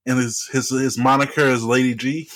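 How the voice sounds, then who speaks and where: A man's voice: medium pitch, normal speed. A man co-hosting a casual chat, playful and joking. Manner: playful, joking, lively delivery. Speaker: podcast co-host.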